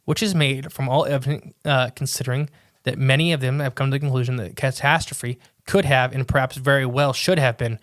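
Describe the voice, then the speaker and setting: A man co-hosting a casual podcast, chatting in a rambling way and reading quotes aloud haltingly. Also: medium pitch, steady tone, fairly bright tone, dry recording, studio quality. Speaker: podcast co-host.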